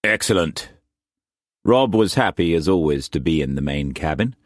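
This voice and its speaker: A man narrating a historical novel in a measured storytelling manner. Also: very deep voice, animated, a little mellow, dry recording, clean studio sound. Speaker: audiobook narrator. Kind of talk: scripted narration.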